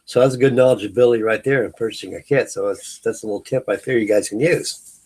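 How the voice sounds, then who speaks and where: A man's voice: on the low side, fast talker, a little mellow, breathy edge. A middle-aged man from California hosting a late-night live hangout stream, chatting casually and telling rambling stories full of fillers and restarts. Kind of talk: casual chat.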